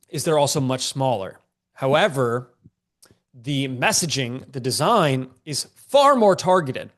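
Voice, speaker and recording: Sounding congested, a man teaches a business lesson over a live stream as an online coach. He keeps things informal, loose, and slangy, cracking jokes and talking directly to viewers, in a voice pitched a touch above the typical man's.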